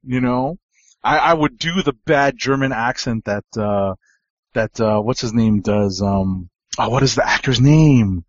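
A man's voice: mid-range voice, a little slow, no room sound, dull audio. A man co-hosting a casual comic book podcast, talking with many fillers and restarts. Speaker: podcast co-host.

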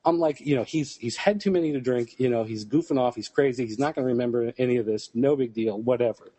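A man's voice: medium pitch, fast, warm tone, husky, no echo. A man on a casual podcast, telling a long rambling anecdote full of fillers. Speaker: podcast co-host. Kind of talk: casual storytelling chat.

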